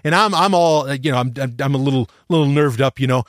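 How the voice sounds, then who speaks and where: A man's voice: mid-range voice, quick pace, dry recording, clean studio sound. A man hosting a podcast, telling a rambling story with lots of restarts and the odd swear word. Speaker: podcast host. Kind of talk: casual storytelling monologue.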